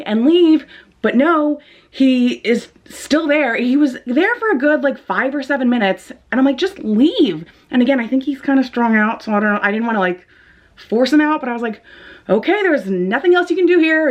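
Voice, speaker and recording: A woman's voice: on the high side, lo-fi sound. A young woman, still shaken, tells a late-night vlog story in a rambling, breathless, profane way, full of "like", from her dim living room, recorded on a phone or webcam mic. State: shaken and jittery. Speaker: vlogger. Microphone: phone or webcam camera mic.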